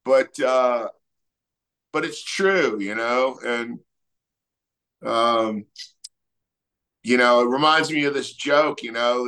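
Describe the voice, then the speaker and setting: A middle-aged man, a musician talking casually in an interview and telling stories loosely with many fillers. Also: mid-range voice. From Texas. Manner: relaxed storytelling, many fillers. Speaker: musician guest.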